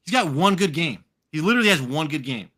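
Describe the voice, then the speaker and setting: Fast and fairly high-pitched, an American man co-hosts a live fantasy football show while drinking. The talk is casual podcast banter, full of rambling, offhand profanity, and lively animation.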